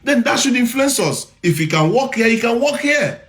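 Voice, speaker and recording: Emphatic high-voiced Nigerian man. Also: very animated, normal speed, fairly bright tone. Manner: emphatic, repeats points, rhetorical questions. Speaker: commentator. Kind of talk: impassioned social media commentary.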